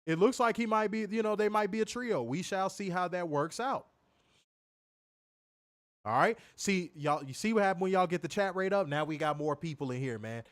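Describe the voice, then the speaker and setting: This wrestling show reviewer hosts a livestream in a high voice at a moderate pace, cursing casually, circling back over the same points, and reading viewers' comments aloud. The recording is studio quality with no room sound.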